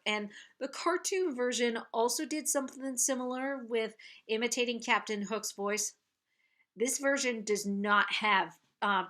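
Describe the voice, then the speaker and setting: A woman giving a casual spoken film review, halting and restarting often and laughing as she talks. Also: a little high, bright, forceful tone. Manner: halting, many restarts and self-corrections; laughs often while talking.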